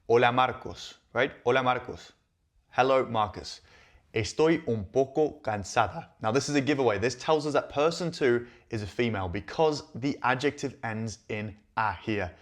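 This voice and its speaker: A man hosting a Spanish lesson, explaining each line and checking in with listeners often. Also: medium pitch. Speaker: Spanish teacher and channel host. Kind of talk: language lesson.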